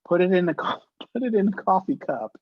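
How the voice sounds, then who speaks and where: A haughty, short-tempered grand dame of old films, as a man puts her on, pitched high above his own voice with theatrical flourish. The recording is dry and a little muffled, with no room around it. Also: sing-song, a little fast, dry recording. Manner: grand theatrical delivery, shrieking when angry. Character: imperious older female film actress, haughty, short-tempered.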